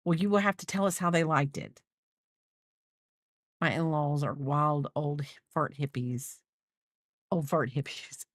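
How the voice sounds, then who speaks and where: A middle-aged crochet host chats with her viewers as she works, responding to them and letting sentences trail off. Her deep voice holds a steady tone, runs a little slow, and pauses often, captured as clean studio sound without room noise.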